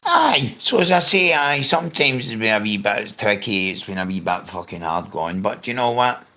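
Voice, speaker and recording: A man's voice: lowish voice, normal speed, pushed and bright. A man talking casually on a live stream, rambling, swearing often and greeting viewers by name. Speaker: livestreamer. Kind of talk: casual unscripted live chat.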